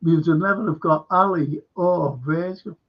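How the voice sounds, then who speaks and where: Gravelly Liverpool-accented man hosting a fan chat. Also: a little high, moderate pace, muffled recording. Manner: reads viewer comments aloud. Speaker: host.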